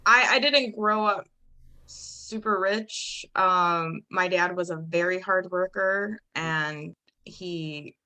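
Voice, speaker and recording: A woman's voice: on the low side, slow pace, pushed and bright, low-quality recording. A woman talking as a podcast guest, reflective and a bit hesitant, with many fillers. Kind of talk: casual podcast chat.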